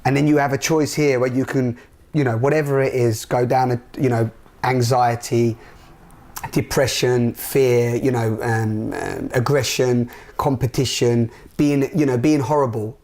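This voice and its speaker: A man's voice: mid-range voice, fairly even intonation, unhurried, a little mellow. A man hosting a casual spiritual conversation, speaking earnestly and rambling with frequent restarts. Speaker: talk show host.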